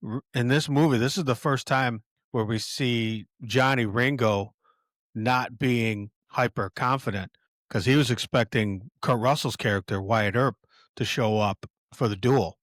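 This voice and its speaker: A man's voice: mid-range voice, no echo, clean studio sound. An older man hosting a podcast, casually reading film quotes aloud and rambling through them with many fillers and restarts. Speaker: podcast host.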